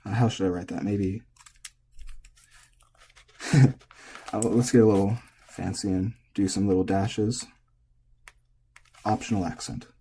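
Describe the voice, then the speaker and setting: A man teaching pitch in a relaxed, casual lesson, thinking aloud as he goes. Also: takes it slowly, pauses often, a little hiss or hum. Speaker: language teacher.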